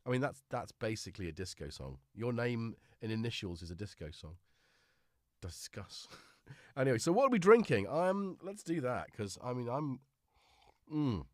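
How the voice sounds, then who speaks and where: A man's voice: medium pitch, sing-song, moderate pace, no echo. A middle-aged man with a cold, hosting a livestream in a rambling, jokey, self-mocking chat. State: congested with a cold. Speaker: livestream host.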